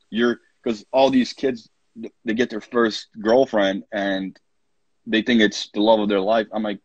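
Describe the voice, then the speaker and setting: A man in his thirties from Poland, a college soccer coach, telling lively anecdotes as a podcast guest and acting out his own quoted lines. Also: on the low side, moderate pace, breathy edge, no echo, dull audio. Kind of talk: casual storytelling interview.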